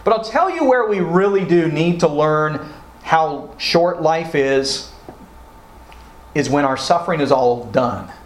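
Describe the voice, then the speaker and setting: A male pastor preaches at an unhurried pace, his voice sitting a little higher than most men's. He acts out the quoted prayers with feeling, and the sound carries a roomy echo. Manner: expressive, acts out quoted prayers with rising emotion. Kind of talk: sermon.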